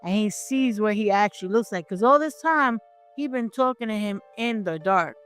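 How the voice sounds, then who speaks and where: A woman's voice: mid-range voice, lively intonation, moderate pace, clean tone, faint music behind. A woman co-hosting a casual film review chat, slangy and questioning, often laughing.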